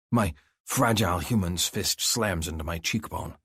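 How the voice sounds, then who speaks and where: A man giving gruff, measured first-person audiobook narration. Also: sits low, expressive, no echo, studio quality. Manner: gruff, measured, slow deliberate phrasing.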